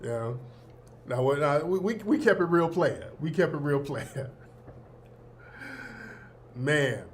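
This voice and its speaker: A man's voice: on the high side, expressive, slow, long pauses, a little hiss or hum. A man in his fifties hosting a show, telling school stories in a casual, slangy way and often laughing. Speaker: host. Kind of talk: casual storytelling.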